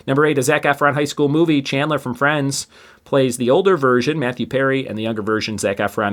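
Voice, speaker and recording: A man hosting a trivia podcast, reading each question twice and adding chatty asides between answers. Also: medium pitch. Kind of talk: casual quiz reading.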